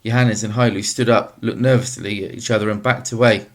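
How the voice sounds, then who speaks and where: A man reading a novel aloud as narrator, in a steady, measured way. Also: on the low side. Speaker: audiobook narrator.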